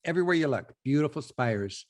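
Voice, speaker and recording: A man's voice: on the high side, lively intonation, fairly quick. A man hosting a travel show, chatting to the camera in an enthusiastic, conversational way and repeating points for emphasis. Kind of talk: casual on-location talk to camera.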